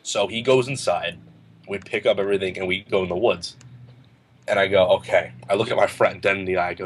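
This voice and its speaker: Lively, fairly low-voiced teen storyteller. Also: male voice, fairly quick, a little hiss or hum. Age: late teens. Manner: animated, laughing, acts out quotes in a higher voice. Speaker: guest. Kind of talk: casual storytelling.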